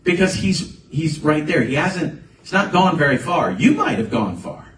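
A man's voice: a little high, very animated, normal speed, fairly bright tone, a little hiss or hum. A man preaching a conversational sermon as a pastor, building to emphatic bursts. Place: church sanctuary. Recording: echoey room, voice from a distance, faint ambience.

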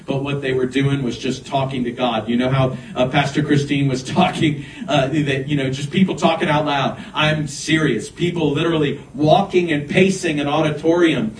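A man preaching a sermon as pastor and leading a closing prayer. His preaching swells loud and high, then drops to a soft prayer. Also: fairly even intonation, normal speed, hardly any pauses, a little hiss or hum. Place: church sanctuary. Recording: echoey room, picked up from a distance.

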